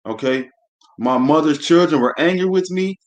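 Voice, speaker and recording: Here a man with a fairly high pitch talks at an ordinary speed, leading a live-streamed scripture class. He reads verses aloud and then preaches about them bluntly, with free swearing and a constant "man."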